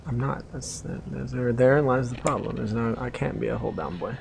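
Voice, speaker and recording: A man's voice: mid-range voice, fairly even intonation, a little fast, creaky, a little mellow. A man streaming a tank game, chatting casually with a wry, self-deprecating grumble. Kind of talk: casual gaming chat. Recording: faint background noise.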